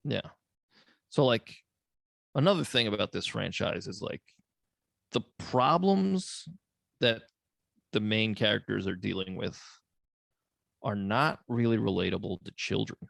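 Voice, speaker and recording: A man's voice: fairly low pitch, lively intonation, unhurried, creaky, long pauses, a bit bright, no echo, studio quality. A man co-hosting a podcast, chatting in a laid-back, rambling way with jokes. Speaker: podcast co-host. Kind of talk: casual chat.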